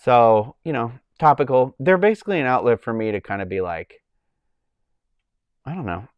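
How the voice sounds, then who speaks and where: Man, livestream host, rambling casual chat, smooth voice, dry close sound. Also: medium pitch, lively intonation, normal speed, dry recording, lo-fi sound. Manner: rambling, full of likes and ums.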